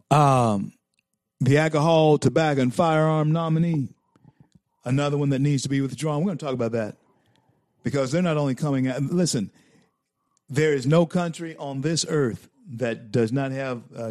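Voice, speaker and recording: A man's voice: mid-range voice, a little mellow, dry recording, clean studio sound. A male talk show host giving fervent political commentary, preaching and repeating phrases for emphasis.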